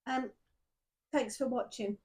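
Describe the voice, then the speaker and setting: High-pitched girl doing a tarot reading on camera, chatty and teary, laughs a lot. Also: slow pace, darkish tone. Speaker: tarot reader.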